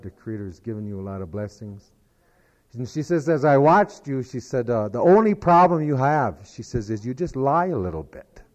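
A man at an ordinary pitch tells a long joke with folksy, rambling patience, stacking up "he said" asides as he goes. The recording is dull and lo-fi. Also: a little mellow. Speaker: storyteller.

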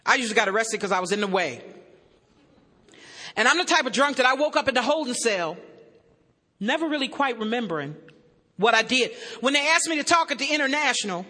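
A woman giving a humorous testimony to an audience as a recovery meeting speaker, animated and joking with bursts of shouting. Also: on the high side, a little fast, pauses often. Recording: echoey hall.

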